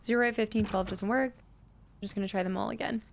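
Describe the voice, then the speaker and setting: A woman's voice: medium pitch, fairly even intonation, a little fast, creaky, slight background noise. A woman commenting on her own gameplay, muttering number combinations to herself, chatting with viewers and laughing often. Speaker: gaming streamer. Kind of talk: let's play commentary.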